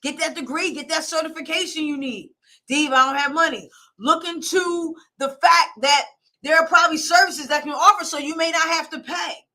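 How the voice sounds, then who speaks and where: A woman life coach and show host streams a blunt, emphatic motivational pep talk live from a phone or camera, repeating her points and demanding more of her listeners. Her very high voice is sharp in tone, with fairly even intonation at a moderate pace.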